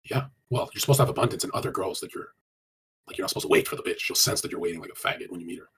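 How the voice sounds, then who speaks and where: Deep but a bit bright, the man's voice comes with slight background noise. He rattles through casual dating advice on a live stream, swearing often and staying blunt and crude while answering chat, his delivery fast, run-on and full of fillers.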